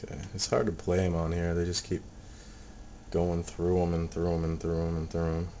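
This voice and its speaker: A man casually talking through his recordings, soft-spoken and hesitant, full of ums and restarts. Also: sits low, completely flat delivery, moderate pace, a little hiss or hum. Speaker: paranormal hobbyist playing back recordings. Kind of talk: casual video commentary.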